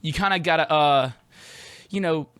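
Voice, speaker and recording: A young man hosts a podcast in loose, profane, casual chat, scattering fillers and laughs through what he says. His voice sits a little high and bright, and the close studio mic leaves it very dry. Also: normal speed, smooth, no room sound. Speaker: podcast host.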